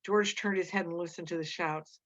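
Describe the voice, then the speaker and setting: A woman reading a novel aloud in a plain, steady narrating voice. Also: fairly low pitch, a little fast. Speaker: reader. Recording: dull lo-fi recording.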